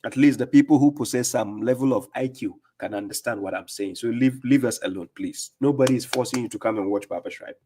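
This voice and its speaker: A man from Ghana, hosting a live religious Q&A stream, reading viewer comments aloud and answering with quick retorts and many fillers. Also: mid-range voice, mellow, a little hiss or hum.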